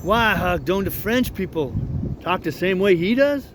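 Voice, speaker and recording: A stubborn, argumentative rustic man, as an audiobook reader voices him, talking in a folksy drawl. The voice sits fairly high and moves slowly and deliberately. He pushes back on every point. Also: lively intonation, noisy background. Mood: stubborn, puzzled. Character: stubborn grown man, rustic river traveler.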